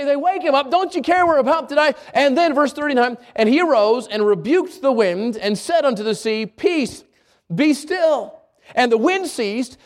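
A middle-aged pastor preaching a sermon, telling a personal story and then reading scripture, rising to shouts for emphasis. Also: male voice, very high-pitched.

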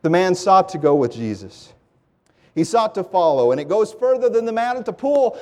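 A man preaching a sermon with passion, his voice climbing into loud pleading and dropping to hushed lows. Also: very animated, moderate pace. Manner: impassioned, swings from loud pleading to low hushed.

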